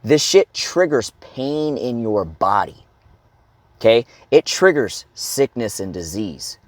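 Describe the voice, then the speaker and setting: A man's voice: mid-range voice, sing-song, slow, no echo. Blunt, profane man coaching, dry sound. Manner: blunt and profane, keeps checking in with "okay?"; bursts into loud shouts and grunts to demonstrate. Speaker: fitness and life coach. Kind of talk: motivational coaching monologue.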